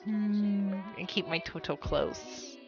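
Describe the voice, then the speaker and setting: A woman's voice: mid-range voice, slow pace, vocal fry, darkish tone, dull audio, faint music behind. A woman streamer chatting casually and giggling while she practises words over and over. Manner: giggly, playful, repeats words to practise them. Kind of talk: casual chat while studying a language.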